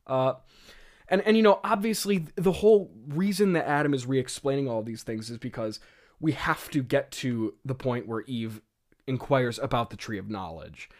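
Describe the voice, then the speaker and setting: At a moderate pace and medium pitch, a man talks through a script he once wrote. The commentary is relaxed and giggly, heavy on laughter, fillers, and jokes at his own expense.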